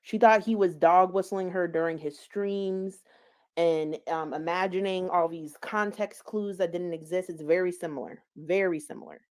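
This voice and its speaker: A woman's voice: lowish voice, steady tone, moderate pace. A woman giving casual, gossipy commentary on online drama. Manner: chatty, gossipy, laughs at own stumbles. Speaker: commentary streamer.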